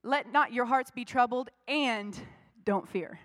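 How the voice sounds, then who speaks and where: A woman's voice: fairly high pitch, a little slow. A woman pastor preaching a sermon in a church, conversational at times and rising to fervent emphasis.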